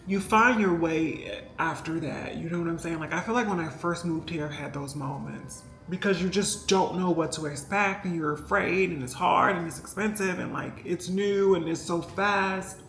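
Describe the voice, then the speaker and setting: A woman's voice: on the low side, moderate pace, few pauses, a bit bright, a little hiss or hum. Rambling emotional woman vlogger. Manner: rambling and emotional, many fillers, talks to viewers directly. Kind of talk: casual storytelling vlog. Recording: echoey room with faint music behind.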